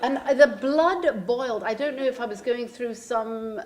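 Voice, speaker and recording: A woman pianist telling an anecdote with lively, theatrical delivery and laughing asides. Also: fairly high pitch, unhurried, hardly any pauses. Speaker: pianist and storyteller. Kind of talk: anecdotal storytelling.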